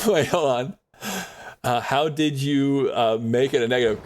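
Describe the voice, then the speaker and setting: A man's voice: medium pitch, brisk. A man streaming live and chatting with his audience in a rambling, jokey way, laughing often.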